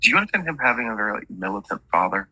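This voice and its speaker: A man's voice: lowish voice, sing-song, racing, pushed and bright, breathy edge, dry recording, muffled recording. A man working as a medium, relaying messages in a chatty reading and stringing quotes together with "he's like".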